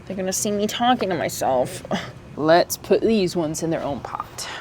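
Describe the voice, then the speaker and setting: A woman's voice: lowish voice, lively intonation, moderate pace, background noise. A woman chatting casually in her own gardening vlog, giggly and easily moved, laughing often. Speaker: gardening vlogger. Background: music.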